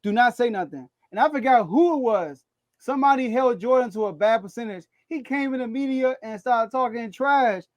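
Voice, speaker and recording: High-pitched guy talking sports on a podcast, pretty dry sound, gets animated and laughs a bunch. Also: normal speed, dry recording. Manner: animated, laughs often, rising pitch when excited. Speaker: podcast co-host. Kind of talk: casual sports talk.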